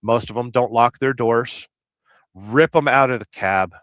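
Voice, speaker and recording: An American truck driver hosting a casual livestream, rambling through jokes and viewer comments with a deadpan, blustery manner. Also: male voice, medium pitch, measured pace, no room sound. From United States. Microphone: livestream mic. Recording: dry, dull lo-fi stream audio.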